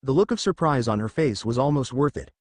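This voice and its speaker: Man, fan fiction narrator, mid pitch, lively, dry. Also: a little fast, no room sound.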